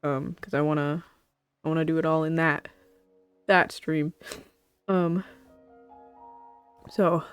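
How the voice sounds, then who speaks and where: A woman streaming to her chat, tearful and halting, rambling with nervous laughs between her words. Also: sits low, fairly even intonation, smooth, no echo, soft background music. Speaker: VTuber streamer. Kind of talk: emotional livestream talk to chat.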